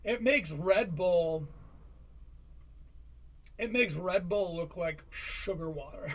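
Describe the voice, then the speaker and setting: A male streamer host giving casual live-stream commentary in a chatty, self-deprecating way, with quick asides. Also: high voice, recorded from a distance.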